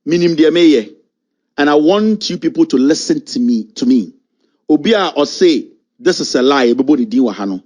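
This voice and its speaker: A man with a Ghanaian accent delivers furious political commentary in a high-pitched voice. He mocks and berates, hammering each point with emphasis and slipping between English and Twi. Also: lively intonation, normal speed, darkish tone. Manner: angry, mocking and emphatic, mixing English with Twi.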